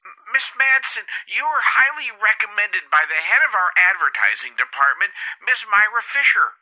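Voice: mid-range voice, sing-song, normal speed, natural voice. An actor playing a nervous, formal male store executive who stammers over the telephone in 1940s radio style. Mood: flustered. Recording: dull, muffled telephone line.

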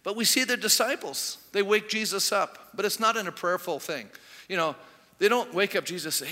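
High, bright-voiced man preaching in a reverberant hall. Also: a little fast. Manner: conversational preaching with rhetorical questions. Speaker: pastor. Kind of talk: sermon.

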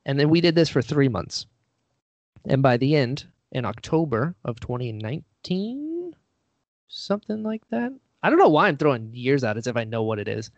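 A man's voice: mid-range voice, very animated, moderate pace, no echo. A man, a guest on an interview show, telling a story in a casual, self-deprecating way, acting out the voices he quotes. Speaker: podcast guest, actor and writer. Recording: dull lo-fi dry recording.

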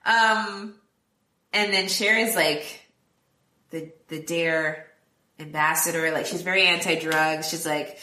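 A woman co-hosting a podcast, recapping a film in casual chat, quoting characters in quick voices and laughing often. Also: low voice, fairly even intonation, pushed and bright, roomy sound. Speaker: podcast co-host.

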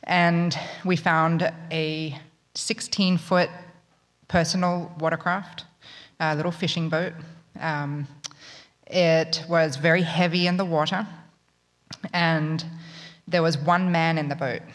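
A woman tells a story to a live audience in a wry, chatty manner. Her voice sits on the low side. The sound carries a long hall reverb. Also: steady tone, takes it slowly, long pauses. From Australia. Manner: wry, conversational, self-mocking.

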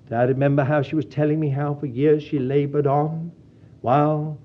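Husky preacher, dull old tape. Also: male voice, a little high. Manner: earnest, pastoral, addresses listeners as dear child of God. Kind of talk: sermon.

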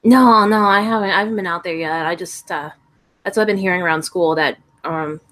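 A woman doing a hushed gossipy teen boy. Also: on the low side, fairly quick, natural voice. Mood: conspiratorial. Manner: hushed, conspiratorial, filler-heavy teen talk. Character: gossipy teenage boy classmate spreading ghost rumors.

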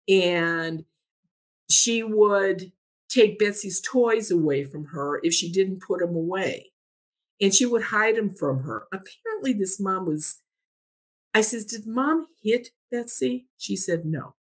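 A woman in relaxed conversation, walking a listener through a story as a medium recounting a case. She speaks slowly and deliberately, in a middle-pitched voice. She relays every exchange with a steady "I said, he said.". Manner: retells dialogue with repeated "I said, he said".

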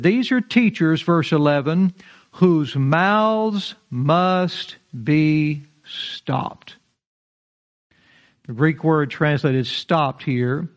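A man's voice: on the high side, a little slow, muffled recording. A male pastor, preaching a verse-by-verse sermon in a folksy, emphatic way and joking with his congregation. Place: church sanctuary.

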